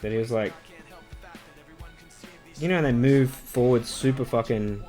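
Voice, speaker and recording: A man's voice: mid-range voice, measured pace, mellow, soft background music. A man chatting casually on a livestream while painting a model, loose and sweary, reading chat messages aloud and answering them.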